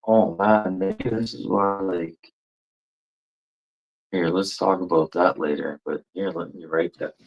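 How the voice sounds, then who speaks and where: A man's voice: sits low, fairly even intonation, takes it slowly, gravelly, dull audio. A man telling rambling, profane stories in a casual monologue, laughing as he goes. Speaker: livestream chatter.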